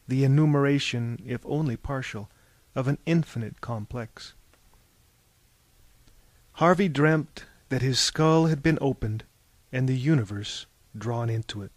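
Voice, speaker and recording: A man narrating a literary audiobook in a measured, intense manner. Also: medium pitch, darkish tone, dry recording.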